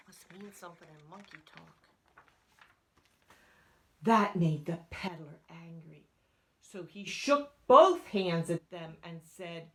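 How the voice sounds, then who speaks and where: A woman's voice: fairly low pitch, animated, slow. A woman reading a picture book aloud to children. She asks her listeners questions and drops into whispered asides.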